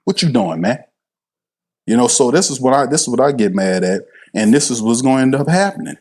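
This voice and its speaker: A man's voice: medium pitch, animated, quick pace, darkish tone. A man, hosting a live sports stream, blunt and passionate, swearing freely and repeating himself for emphasis. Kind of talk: heated live sports commentary.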